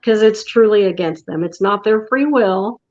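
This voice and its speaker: A woman's voice: mid-range voice, moderate pace, a little mellow. A woman who owns a metaphysical shop, talking as a guest in a casual interview, explaining things patiently and laughing easily. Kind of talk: casual interview over a video call. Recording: dull lo-fi call audio.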